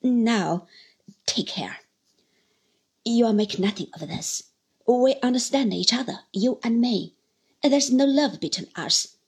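A woman reading aloud voices a sly, scheming male clerk who is cornered and spiteful, speaking louder and with sneering threats. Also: a little high, animated, takes it slowly, pauses often, breathy edge, heavily acted. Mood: threatening.

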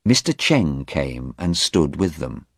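Low voiced guy reading a story slow, lots of ups and downs, dry close sound. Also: sing-song, fairly bright tone, breathy edge, no echo. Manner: slow, deliberate graded-reader reading. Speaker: audiobook narrator. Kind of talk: scripted narration.

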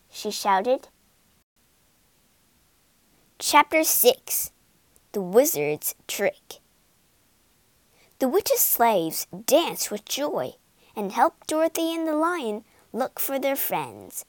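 A woman narrating a storybook in a slow, deliberate way for English learners, with expressive reading. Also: a little high, dry recording.

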